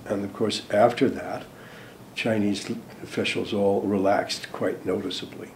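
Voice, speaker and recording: An older American man, a former diplomat, recalling events in an interview, hesitant with many ums and restarts, trailing off softly at phrase ends. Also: on the low side, little pitch movement, a little slow, slight background noise. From United States. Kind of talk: interview recollection.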